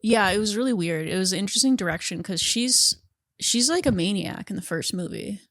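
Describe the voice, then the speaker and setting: A woman co-hosting a movie podcast, talking in a loose, chatty way full of "like" and quick laughs. Her voice has a gravelly, fry-edged texture. The sound is dry and close to the mic. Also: medium pitch, lively intonation, a bit bright, no echo. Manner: chatty, lots of "like" fillers, laughs often, swears casually. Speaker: podcast co-host. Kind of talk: casual chat.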